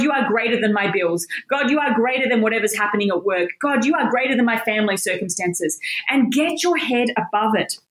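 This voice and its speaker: A woman giving an earnest, enthusiastic devotional Bible teaching, often calling her listeners "guys.". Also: fairly high pitch.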